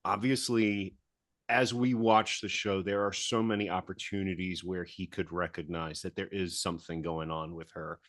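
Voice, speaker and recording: A man's voice: low-pitched, steady tone, moderate pace, a bit bright, no echo, clean studio sound. A man from the American South interviewing an actor, asking curious questions, laughing easily and restarting mid-question. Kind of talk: casual interview chat.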